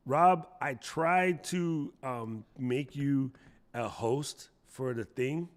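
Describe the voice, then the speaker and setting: A man with a mid-range voice speaks extremely slowly as he hosts a casual live stream. He's playful and chatty, reading viewers' chat messages aloud, answering them, and putting on jokey voices.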